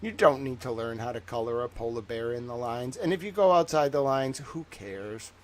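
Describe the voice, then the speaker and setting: A man's voice: medium pitch, normal speed, slight background noise. A man hosting a livestream, chatting casually in a rambling, profane way with lots of fillers. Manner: rambling, profane, heavy use of "like". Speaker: livestream host.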